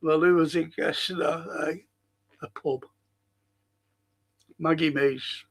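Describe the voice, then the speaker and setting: An older Liverpool man in his sixties or beyond, rambling warmly through viewer comments on his livestream. He talks slowly and unhurriedly, his voice sitting a touch high for a man, and he breaks into sudden excited bursts. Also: vocal fry, husky. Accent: Liverpool (Scouse). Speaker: livestream host reading chat. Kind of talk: casual chat reading viewer comments.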